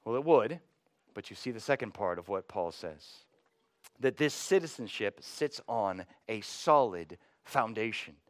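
A pastor from North Texas with a Texan accent, preaching a sermon with emphatic swells that fall back to quiet low phrases. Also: male voice, lively intonation, unhurried, no room sound, clean studio sound. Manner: dynamic, rising to emphatic highs then dropping low.

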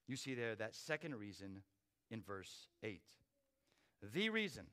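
A man's voice: medium pitch, pushed and bright. A man preaching a sermon with dramatic rises and drops in volume. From not from Australia. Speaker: pastor.

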